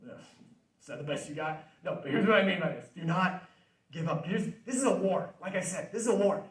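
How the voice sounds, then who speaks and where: A young man gives an earnest faith-based motivational talk, his voice pitched a little high. He talks conversationally and repeats his key points. The sound is roomy and distant, as if caught from across a hall. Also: fairly quick. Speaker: speaker. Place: student center hall.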